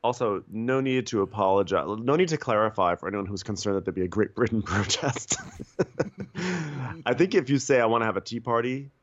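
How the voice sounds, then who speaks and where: A man co-hosting a comedy podcast, riffing on a reality show with deadpan absurd bits. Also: mid-range voice, normal speed, highs cut off, a little hiss or hum. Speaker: podcast co-host.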